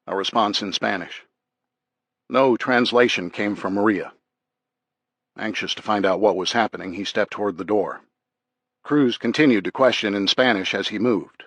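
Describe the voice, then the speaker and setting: A man narrating a thriller audiobook in a measured, even way. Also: lowish voice, no room sound. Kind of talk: scripted narration.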